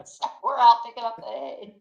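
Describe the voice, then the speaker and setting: An older woman, a great-grandmother, telling lively stories in a casual interview, acting out the quotes and laughing often. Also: on the high side, moderate pace, creaky, roomy sound, highs cut off. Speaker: guest.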